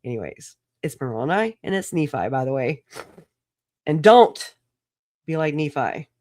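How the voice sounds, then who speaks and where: A woman's voice: sits low, big pitch swings, unhurried, a little mellow, no echo, studio quality. Rambling, laughing livestream woman. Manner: rambling, laughs often, swears casually. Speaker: livestream host. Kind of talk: casual solo livestream chat.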